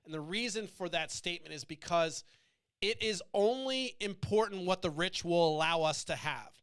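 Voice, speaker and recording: A man's voice: sits high, normal speed, a bit bright, clean tone. A man hosting a show, delivering a blunt, profane political rant that wanders off on tangents and sets out to provoke. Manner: blunt, provocative, swearing freely, goes off on tangents. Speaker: podcast host.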